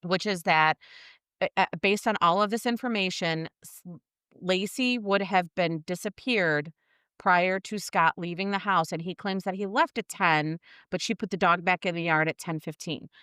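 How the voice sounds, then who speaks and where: A woman's voice: on the low side, moderate pace, clear, resonant tone, no echo, clean studio sound. Blunt, swearing true-crime podcast woman. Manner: blunt, swears freely, animated storytelling. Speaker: podcast co-host. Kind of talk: casual true-crime chat.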